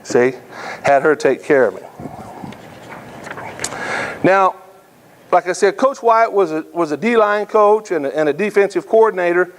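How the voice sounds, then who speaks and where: A middle-aged man giving a motivational speech, telling folksy, animated stories and checking in with the crowd. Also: sits high, unhurried, long pauses, a little hiss or hum. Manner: folksy, animated storyteller, addresses audience with "right?". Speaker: keynote speaker.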